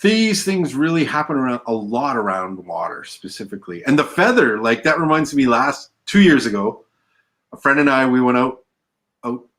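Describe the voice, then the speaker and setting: A man from British Columbia speaks as a guest in a podcast interview. He explains calmly at a middling pitch and repeats a word now and then as he goes. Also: moderate pace. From British Columbia, Canada.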